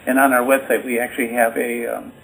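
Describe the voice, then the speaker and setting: A man's voice: mid-range voice, little pitch movement, a little fast, gravelly, a bit bright, faint music behind, rough recording. A man being interviewed as an author, explaining his ideas in an instructive way and showing points by example. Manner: instructive, talks in bottom lines, demonstrates by example. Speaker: author and communication expert guest.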